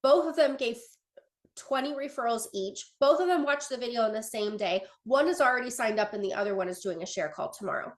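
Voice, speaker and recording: A young woman with a slightly high voice leads a casual sales training talk over a video call. She talks in a chatty, earnest way, full of fillers and restarts, and glances at her notes as she goes. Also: a little fast.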